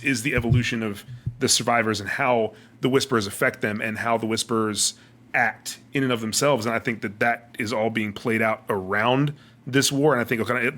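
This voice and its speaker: A man talks quickly in a casual podcast chat, often repeating a word or two before he gets his point out. His pitch is middling for a man. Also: a bit bright. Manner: fast-talking, repeats words when starting thoughts. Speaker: podcast co-host.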